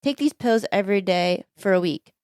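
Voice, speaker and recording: A woman's voice: medium pitch, moderate pace, darkish tone, clean tone, dry recording, close to an everyday voice. A woman voicing a dry, matter-of-fact doctor in a joke, close to her own voice. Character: dry-witted male doctor.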